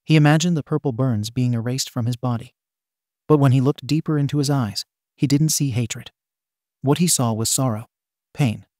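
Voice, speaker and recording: A man narrating a fan fiction story in a steady storytelling manner. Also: medium pitch, normal speed, no echo, studio quality.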